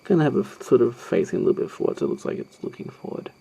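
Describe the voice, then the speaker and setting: Guy walking thru a drawing tutorial, low gravelly voice, loads of ums, swings way up and down. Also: big pitch swings, racing, dark tone. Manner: hesitant, rambling, self-deprecating, many ums. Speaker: art tutorial host. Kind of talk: narrating a live drawing tutorial.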